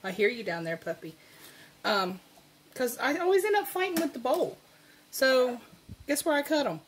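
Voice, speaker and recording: A woman's voice: sits high, sing-song, moderate pace, a little hiss or hum. A woman with a Southern accent hosting a casual cooking video in her home kitchen, chatty and folksy, laughing often. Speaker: cooking channel host.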